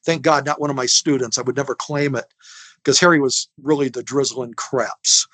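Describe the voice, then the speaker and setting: A man's voice: mid-range voice, normal speed, no room sound. A man in his sixties, an interview guest telling stories in a folksy, rambling way and acting out the people in them. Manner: animated storyteller who acts out other people's lines; folksy, rambling, with restarts and laughter. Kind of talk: casual storytelling.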